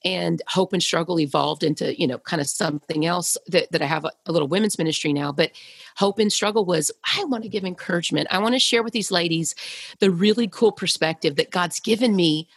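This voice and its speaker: A woman who leads a women's ministry shares her testimony in a husky, fairly low voice. She talks earnestly and from the heart, often restarting her sentences, and the recording is close and dry. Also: a little fast, no echo. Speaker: podcast guest, women's ministry leader. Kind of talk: personal testimony in conversation.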